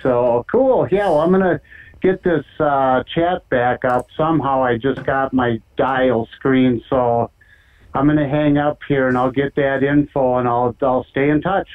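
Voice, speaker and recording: A man's voice: mid-range voice, measured pace. A man with a Minnesotan accent calling in to a show, friendly and rambling with lots of fillers. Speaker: caller. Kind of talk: casual call-in chat. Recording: tinny phone line.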